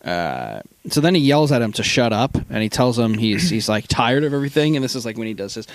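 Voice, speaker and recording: A man's voice: mid-range voice, fast, few pauses, dry recording. Chatty man retelling a film plot. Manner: animated retelling with acted quotes, many fillers. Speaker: podcast co-host. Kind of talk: casual film review chat.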